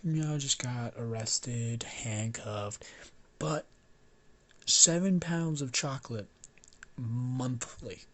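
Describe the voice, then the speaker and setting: A man's voice: medium pitch, slow pace, long pauses. A man voicing a cheeky, boastful teenage boy in a near-own voice. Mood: cocky. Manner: casual, boastful.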